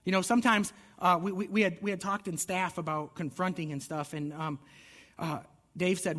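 A man's voice: high-pitched, fairly even intonation, normal speed, a bit bright, big-room sound. A man giving a sermon as pastor, conversational and earnest, often restarting his words. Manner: conversational preaching with repeated restarts.

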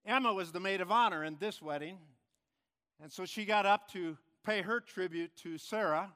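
A man's voice: sits high, fairly bright tone, big-room sound. Earnest male pastor preaching. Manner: earnest storytelling with occasional restarts. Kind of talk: sermon. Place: church.

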